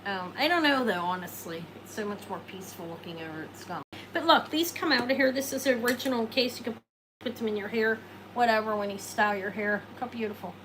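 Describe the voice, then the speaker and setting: A woman's voice: a little high, lively intonation, quick pace, background noise. A woman hosting a live jewelry sale, talking in a chatty, rambling way, answering viewers and joking at her own expense. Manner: self-deprecating, jokes and laughs. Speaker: host selling jewelry live. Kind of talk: casual live sales chat.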